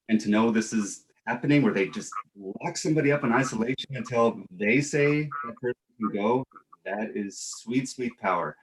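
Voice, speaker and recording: This is a man playing a satirical doctor who holds forth with pompous, mock-serious confidence. He rambles, stumbles and restarts his sentences, and his voice sits at an ordinary middle pitch. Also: a little hiss or hum, poor audio. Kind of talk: satirical comedy talk show.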